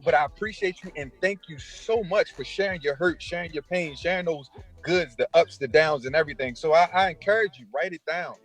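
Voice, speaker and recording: A man co-hosting a talk show, speaking earnestly and then joking loudly. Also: fairly high pitch, fairly quick, faint music behind. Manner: earnest, then jokey and loud. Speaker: co-host. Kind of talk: casual chat.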